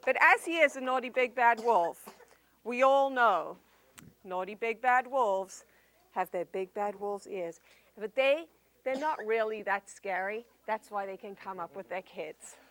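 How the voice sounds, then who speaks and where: A woman entertainer telling a story live to young children, animated and sing-song with drawn-out emphasis. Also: fairly high pitch.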